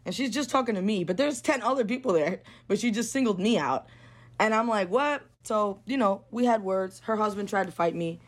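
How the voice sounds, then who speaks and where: A woman's voice: mid-range voice, a little fast. A young woman telling a story bluntly and casually, swearing freely and filling her talk with "like". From New York. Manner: blunt and profane, lots of "like". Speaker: guest.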